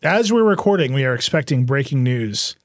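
A man's voice: medium pitch, animated, a little fast, no room sound, clean studio sound. A man hosting a tech podcast, chatting casually and making wry jokes. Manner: wry, joking. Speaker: podcast host. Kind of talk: casual chat.

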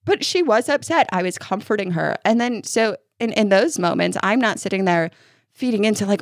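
A woman co-hosting a casual parenting podcast, telling animated stories and acting out how she soothes her child. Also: medium pitch, normal speed, no echo, clean studio sound. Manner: animated storyteller, acts out soothing lines, laughs often. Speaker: podcast co-host.

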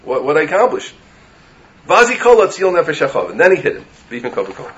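A man teaching a Torah class with a lively voice that jumps up and down in pitch. He sits a little high for a man, reads Hebrew verses and keeps asking his listeners rhetorical questions. The recording is dull and lo-fi. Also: quick pace, a little hiss or hum.

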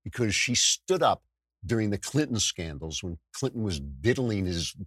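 Here a man with a lowish, husky voice hosts a podcast at a normal speed, riffing sarcastically on politics with frequent restarts and self-corrections. He is animated and does impressions of voices, and the sound is clean studio audio with no echo.

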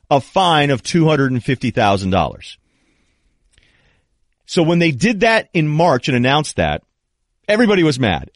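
A middle-aged man hosting a sports talk show, delivering an animated monologue and acting out quoted people in raised voices. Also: a little high, no echo, studio quality. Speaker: sports talk radio host.

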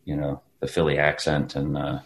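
This man, an actor appearing as an interview guest, has a bass voice and talks at a normal speed over slight background noise. He chats casually and tells stories with animation, acting out quotes, laughing often and restarting a lot.

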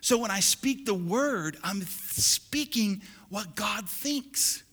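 A man's voice: high-pitched, lively intonation, slow pace. Preaching man in an echoing hall. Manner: preaching with call-and-response, building to loud exhortation. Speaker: pastor. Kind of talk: sermon. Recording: long hall reverb.

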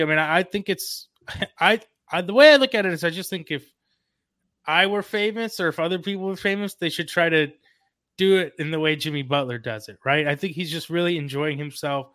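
A man with a fairly high voice guesting on a sports podcast. He talks in an easygoing way and hedges with fillers. The sound is dry and close. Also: fairly bright tone, no echo. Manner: laughs easily, hedging with fillers. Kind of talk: casual podcast interview.

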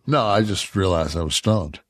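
A man's voice: low-pitched, moderate pace, dry recording. A man co-hosting a podcast who tells rambling, profane stories in casual chat. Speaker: podcast co-host.

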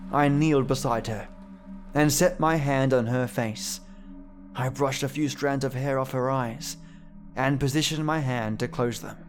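Slow somber male horror narrator. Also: medium pitch. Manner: slow, measured, somber reading. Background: faint music.

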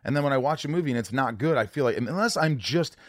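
A man's voice: mid-range voice, expressive, fast talker, no echo, studio quality. A man hosting a casual conversation, emphatic and swearing freely as he talks.

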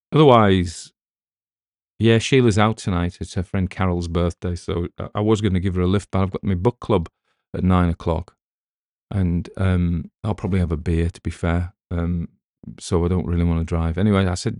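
A middle-aged British man with a very low, mellow voice talks in a loose, rambling way. He drifts between topics and drops in wry asides. The sound is close and dry, with no room around it. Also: fairly even intonation, moderate pace, dry recording. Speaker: audiobook narrator. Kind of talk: casual chat.

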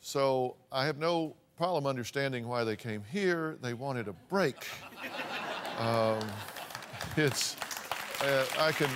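A man's voice: medium pitch, noisy background. A man hosting an advice talk show, earnest and prone to repeating words as he starts a thought.

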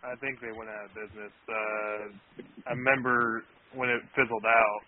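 A man's voice: on the low side, little pitch movement, moderate pace. A young man hosting a call-in show, talking hesitantly with many fillers. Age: young adult. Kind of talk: casual radio chat. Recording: tinny phone-like line.

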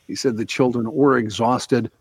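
A man's voice: medium pitch, fairly even intonation, normal speed. A man hosting a casual talk radio show, reading news stories aloud and then chatting about them with his co-hosts. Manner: reads news items then chats loosely.

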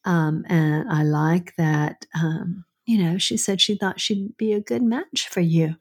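An older woman chats as the host's mother, gentle and affirming, with soft murmured agreement. She speaks slowly in a lowish voice. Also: steady tone, breathy edge. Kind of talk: casual chat.

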